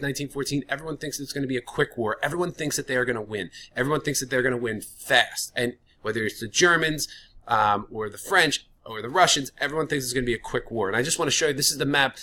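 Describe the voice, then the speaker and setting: A man's voice: medium pitch, bright, forceful tone. A man teaching a history lesson in a casual, chatty way, often using filler words. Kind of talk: classroom lecture.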